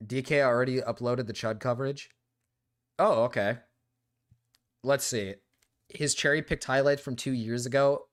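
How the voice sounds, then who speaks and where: A young man streaming live, chatting casually and reacting defensively, moving between low mumbles and loud protests. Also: normal speed, long pauses.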